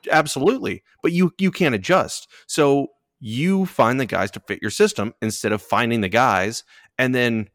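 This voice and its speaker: A man's voice: mid-range voice, fairly bright tone, no room sound, clean studio sound. A man on a casual sports podcast, venting frustration with heavy swearing and long analogies. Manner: profane, frustrated, drawn-out analogies. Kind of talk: heated casual sports talk.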